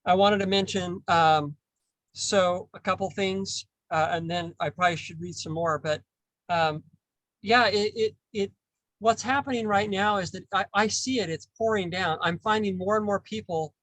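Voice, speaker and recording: A man hosting a casual spiritual discussion, talking haltingly and repeating words as he thinks. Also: high-pitched, a bit bright, dry recording, low-quality recording. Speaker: podcast host.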